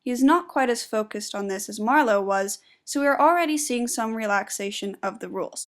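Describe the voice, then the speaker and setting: A young woman with a fairly high voice reads her essay aloud. Her delivery is measured and explanatory, careful and deliberate, like a student presenting her own analysis. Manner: measured and explanatory, stressing syllables when demonstrating meter. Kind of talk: read-aloud spoken essay.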